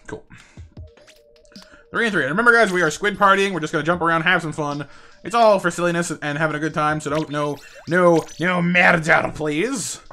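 A man streaming a game with viewers, chatting casually, stumbling over and repeating words, and now and then yelping in high excitement. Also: quick pace, long pauses. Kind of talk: casual live-stream chat over gameplay.

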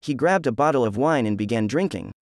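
A man narrating a fan story in a plain, even scripted reading. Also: mid-range voice, a little fast, dry recording, clean studio sound.

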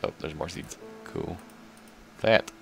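A man giving casual, rambling commentary while playing a game, excitable and laughing often. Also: low voice, slow, creaky, over music. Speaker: gaming video creator.

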